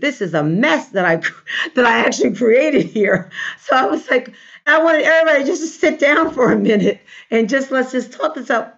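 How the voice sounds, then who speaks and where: A woman, a life coach, telling an animated story in a casual interview and acting out the voices of the people she quotes. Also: high-pitched. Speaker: guest, life coach and trainer. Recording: dull lo-fi recording.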